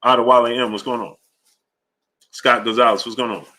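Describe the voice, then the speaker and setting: A man's voice: medium pitch, steady tone, fairly quick, sharp tone. Rambling man hosting a boxing stream. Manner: loose, rambling, drifts off track. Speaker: host of a live boxing show. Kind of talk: casual livestream chat reading super chats.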